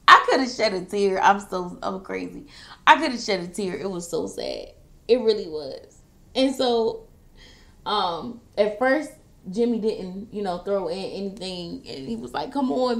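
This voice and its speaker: A woman vlogger talks straight to her viewers while doing her makeup. She tells the story in an animated, dramatic way and breaks into the voices of the people involved. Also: medium pitch, measured pace, gravelly. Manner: animated storytelling, quoting wrestlers in a raised voice. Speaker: beauty and wrestling vlogger.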